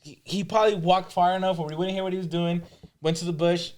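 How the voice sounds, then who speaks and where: A man's voice: high-pitched, flat delivery, a little mellow. A man co-hosting a podcast, rambling with many fillers and restarts. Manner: rapid, rambling, filler-heavy interjections. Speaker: podcast co-host. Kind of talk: casual chat.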